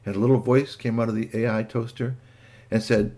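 A man narrating a children's story in an animated way, adding sound effects and asides. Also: mid-range voice, fairly quick.

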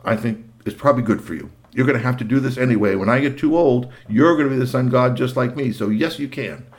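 A man's voice: medium pitch, fast, lightly acted. A man voicing a proud father sun god who speaks grandly to his son.

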